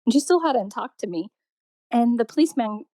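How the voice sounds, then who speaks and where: A woman's voice: a little high, lively intonation, fairly quick, dark tone, no room sound. A woman from Indiana telling stories about her life and art in a loose, rambling way, full of restarts and laughs. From Indiana, USA. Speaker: artist interviewee. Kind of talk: casual storytelling.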